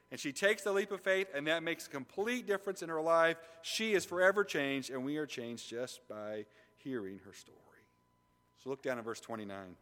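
Male pastor preaching a sermon: bright, forceful and conversational, with a long church reverb. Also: fairly high pitch, normal speed. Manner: animated and conversational, swinging between loud emphasis and quiet intensity. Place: church sanctuary.

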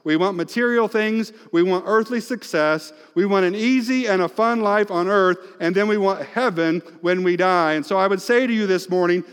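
A fairly high-pitched male pastor preaches in a big church hall, and his words trail off into a long reverb. He swings from loud, emphatic exhortation to quiet, almost whispered asides. The sound is that of a live sermon in a large sanctuary. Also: normal speed, few pauses, smooth.

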